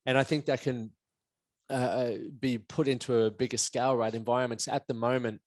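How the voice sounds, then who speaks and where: Man, podcast host, frank, swears, middle pitch, dry close recording. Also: fairly even intonation, brisk, a little mellow, no echo. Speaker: podcast host, men's performance coach. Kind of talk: casual podcast chat.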